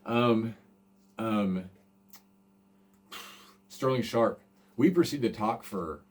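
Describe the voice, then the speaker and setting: A man's voice: fairly low pitch, very slow. A man in his forties hosting a casual podcast, telling a rambling, self-deprecating story full of fillers and restarts. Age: 40s. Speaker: podcast host.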